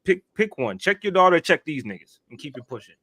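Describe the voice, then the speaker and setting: A man's voice: on the high side, sing-song, a little fast, pushed and bright, no echo. A man co-hosting a casual talk show, blunt and slangy, laughing as he talks.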